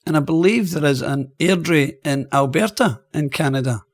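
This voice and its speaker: A man's voice: a little high, moderate pace, no echo, clean studio sound. A man with a Scottish accent hosting a radio interview, moving from a scripted introduction into light banter. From Scotland. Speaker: radio host.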